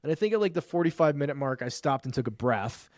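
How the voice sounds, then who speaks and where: A man telling a personal story as a podcast guest and men's coach, emphatic and profane, piling up quick lists. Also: medium pitch, expressive, a little mellow, no room sound, studio quality. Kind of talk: animated storytelling in conversation.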